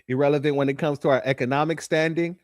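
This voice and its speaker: Male online preacher-commentator, high-pitched, dry close mic, preachy and sarcastic. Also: fairly even intonation, fast, no echo. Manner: preachy, sarcastic, addresses listeners as family. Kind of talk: sermon-style livestream commentary.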